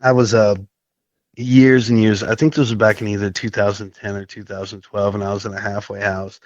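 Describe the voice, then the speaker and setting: A man from Nashville, Tennessee tells his recovery story on a podcast, rambling and packed with fillers. He clears his throat often and speaks in a lowish voice. The recording sounds dry and a little dull. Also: flat delivery, a little fast, dry recording. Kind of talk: casual storytelling chat.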